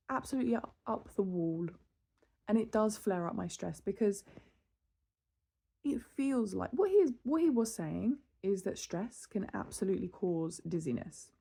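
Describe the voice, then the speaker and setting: A woman's voice: medium pitch, normal speed, vocal fry, breathy edge. A woman in her thirties, from the UK, venting in a casual, exasperated monologue. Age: 30s. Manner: exasperated, animated storytelling with laughs and sighs. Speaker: vlogger.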